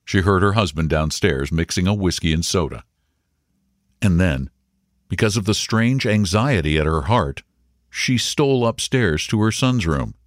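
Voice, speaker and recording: Deep-voiced man reading a story dramatically. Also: animated, dry recording, studio quality. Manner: measured, slowing for suspense. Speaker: narrator.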